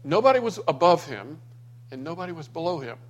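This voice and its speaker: A Florida man with a little high voice, big pitch swings and a fairly quick pace shares memories of his father with a small gathering. His delivery is anecdotal, and he acts out what people said.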